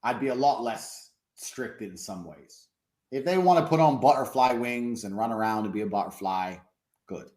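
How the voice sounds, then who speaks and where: A man as a podcast guest in casual conversation, blunt, profane and boastful, slowing down to stress points. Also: mid-range voice, darkish tone.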